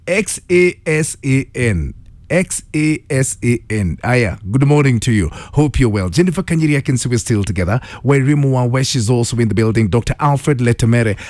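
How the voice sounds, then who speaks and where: A man's voice: mid-range voice, a little mellow, dry recording. A man with a Kenyan accent hosting a morning radio call-in quiz, upbeat and playful as he greets listeners. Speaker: radio host. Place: radio studio. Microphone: studio microphone.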